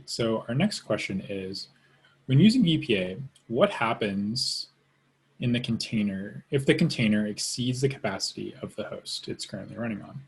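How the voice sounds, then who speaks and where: A man moderating a webinar Q&A, reading out questions and giving measured technical explanations. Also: on the low side, lively intonation, husky.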